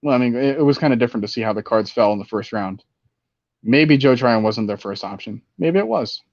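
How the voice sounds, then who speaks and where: A man's voice: mid-range voice, a little fast, no echo. Male sports podcaster: casual, rambling, muffled dry home mic. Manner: rambling, animated, with many fillers. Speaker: fantasy football podcast host.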